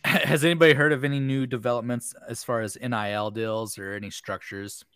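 A man's voice: mid-range voice, fairly even intonation, a little fast, fairly bright tone, clean tone. A man on a casual sports podcast with a medium voice, chiming in with dry, wry quips. He sounds close to the mic with no room echo.

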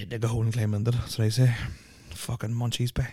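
A man's voice: fairly low pitch, steady tone, moderate pace, gravelly, a little mellow, husky, no room sound. A young Irish man hosting a casual podcast, rambling and swearing constantly, with lots of filler words on a close mic. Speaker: podcast host.

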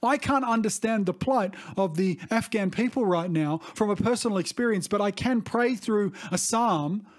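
A middle-aged man preaching a sermon as a pastor, earnest and reflective, often pausing to restate himself. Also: high-pitched. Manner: earnest, reflective, with frequent restarts and "you see".

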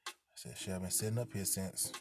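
A man with a fairly low voice tells a personal story in loose, profane street slang, slipping into the voices of the people he quotes. Music plays clearly underneath the whole time. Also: steady tone, a little fast. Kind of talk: casual storytime.

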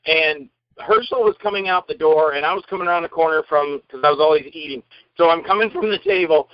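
Man, actor guest, high voice, animated rambling storyteller, dull lo-fi sound. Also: fast talker. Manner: animated, rambling anecdote teller. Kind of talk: casual interview storytelling.

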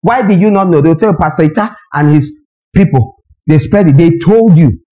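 Male pastor, high but mellow voice, animated sermon delivery, fires rhetorical questions. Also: a little fast, dull audio.

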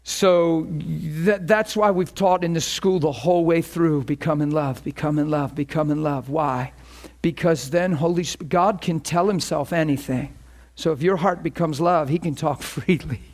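This middle-aged preacher tells a story from the pulpit, voicing both ends of phone conversations with a rising pitch. His delivery is animated and his pace normal.

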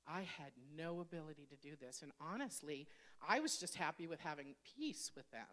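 A woman's voice: fairly low pitch, lively intonation, normal speed. A woman in her fifties, a pastor, telling her personal testimony in a candid, conversational sermon that speaks straight to the congregation. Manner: candid, conversational, addresses audience directly.

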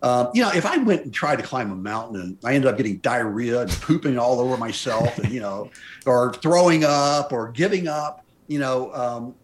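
An American man in his sixties, a mountaineer appearing as a podcast guest, tells stories in a casual interview. His voice is medium-pitched and his pace normal, and he brings his anecdotes to life by animatedly quoting people.

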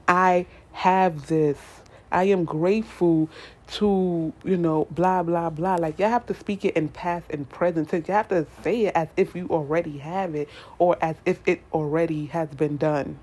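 A young adult woman with a slightly low voice gives a casual tarot reading. She is chatty and animated, repeats herself, and talks straight to her viewers as y'all. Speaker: tarot reader.

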